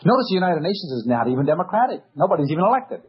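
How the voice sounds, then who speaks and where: Man, political lecture, emphatic, sarcastic, husky, lo-fi recording. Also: sits high, big pitch swings, racing. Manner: emphatic, sarcastic, rhetorical questions. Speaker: speaker.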